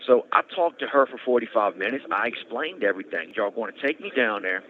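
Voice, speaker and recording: A man's voice: medium pitch, animated, a little fast. Man telling his story over a tinny prison phone. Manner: earnest, conversational, repeats and restarts. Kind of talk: casual storytelling. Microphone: prison phone handset. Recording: tinny phone line with faint noise.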